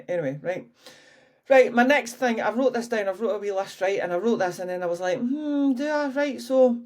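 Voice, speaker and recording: A woman's voice: medium pitch, darkish tone. A woman in her early fifties, a fitness coach chatting frankly and casually on her own podcast, swearing freely. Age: 50s. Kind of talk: casual solo podcast chat.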